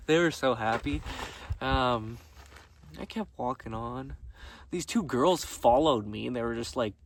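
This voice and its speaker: A man vlogging outdoors on a gravel road, casually recapping his day with frequent laughter and easy swearing. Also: medium pitch, unhurried. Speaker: vlogger dressed as a jester. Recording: distant mic with faint outdoor noise.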